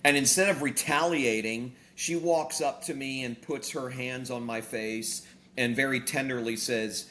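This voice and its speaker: Speaking a little slowly at a medium pitch, this man is a pastor and author visiting a talk show. His preaching feels like conversation, and he animates his stories by performing quoted dialogue, with emphatic lifts on the points that matter.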